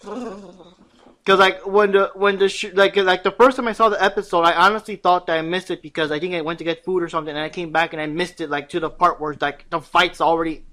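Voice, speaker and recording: Higher-voiced young man, chatty fan recap. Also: a little fast. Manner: animated, acts out quotes in voices. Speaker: podcast co-host. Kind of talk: casual fan chat about a cartoon.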